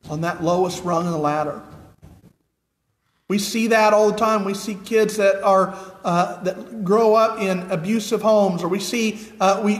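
An American man preaching a sermon in an earnest way, asking the congregation repeated questions. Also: sits high. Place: church sanctuary with nearly empty pews. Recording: echoey church hall.

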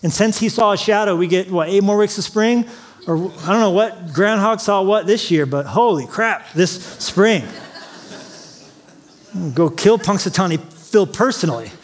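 Man, pastor, lively joking sermon, high voice, church auditorium. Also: moderate pace. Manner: humorous, storytelling preaching with acted-out quotes.

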